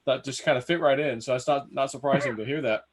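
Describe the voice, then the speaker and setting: A man's voice: medium pitch, fairly even intonation, fast. A man hosting a podcast, chatting casually and laughing along with his guest. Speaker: podcast host.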